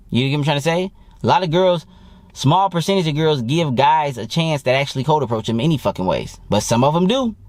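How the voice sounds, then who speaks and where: A young man lectures about dating in a loose, profane monologue, his voice riding a little high and bouncing through a wide, lively pitch range. He sounds blunt and animated. The sound is close and dry, with no room around it. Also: dry recording. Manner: profane, blunt and animated, mimics people he quotes. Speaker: dating coach. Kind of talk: casual monologue.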